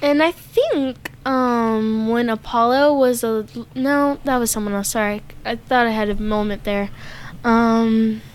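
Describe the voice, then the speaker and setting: Chatty female co-host, fairly high voice, rambling delivery. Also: fairly even intonation, unhurried, clear, resonant tone. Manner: chatty, filler-heavy, giggly. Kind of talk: casual chat.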